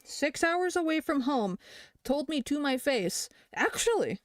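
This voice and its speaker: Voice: high voice, very animated, measured pace, a bit bright. Young adult with a rambling, profane delivery. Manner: rambling and profane, reading posts aloud and reacting. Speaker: creator responding to allegations. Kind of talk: casual commentary.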